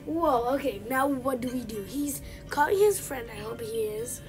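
High-voiced excitable woman gamer. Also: normal speed. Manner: excitable and chatty, mock-teasing game characters. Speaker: gaming channel host. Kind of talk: live gameplay commentary. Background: game music.

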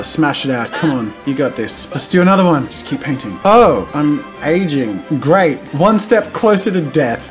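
A man giving casual, jokey commentary while playing a life-sim game, swinging from loud outbursts to low muttering. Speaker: gaming YouTuber. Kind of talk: casual let's-play commentary.

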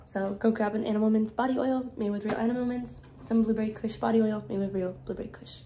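A woman's voice: on the high side, steady tone, quick pace, background noise. A woman chatting casually through her makeup routine, swearing a lot, laughing often and rambling. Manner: profane, giggly and rambling. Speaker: beauty vlogger. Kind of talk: casual get-ready-with-me chat. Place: indoors while doing makeup. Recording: roomy with faint ambience.

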